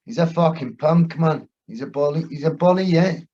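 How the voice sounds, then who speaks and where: A man's voice: fairly high pitch, moderate pace, mellow. A man co-hosting a casual chat, brusque and sweary, with lots of short agreeing replies. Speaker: podcast co-host. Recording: dull lo-fi recording.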